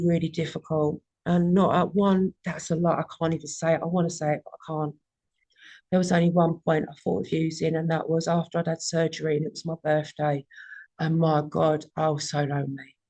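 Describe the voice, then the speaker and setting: A woman's voice: on the low side, darkish tone. A woman in her forties giving a raw, candid personal testimony at a recovery meeting and swearing often.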